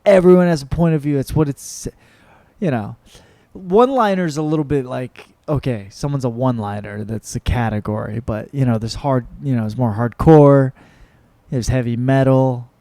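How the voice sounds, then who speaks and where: Rambling, profane man with a mellow voice. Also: medium pitch, moderate pace, no room sound. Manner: rambling, profane, self-mocking. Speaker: podcast host and comedian. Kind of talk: casual solo podcast chat.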